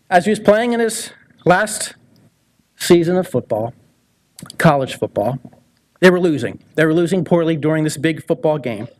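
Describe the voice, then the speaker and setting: Male ceremony speaker, dramatic storyteller, slightly high voice. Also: lively intonation. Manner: dramatic, pausing storyteller with swings in pitch. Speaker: son introducing a hall of fame inductee. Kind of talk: storytelling speech at an induction ceremony. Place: ceremony hall.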